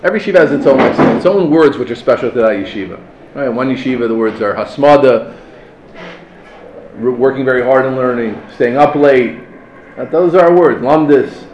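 A man giving an impassioned yeshiva talk, full of rhetorical questions and Hebrew and Yiddish terms, building from calm explanation to near shouting. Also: mid-range voice, a little fast, reverberant, dull audio, slight background noise. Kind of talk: sermon.

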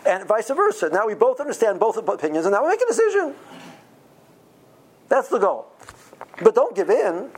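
A man teaching yeshiva students in an informal, animated Torah lecture, often stumbling and restarting his words. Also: high-pitched, moderate pace, pauses often, breathy edge, rough recording. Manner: animated, stammering restarts, uses Yiddish and Hebrew study terms.

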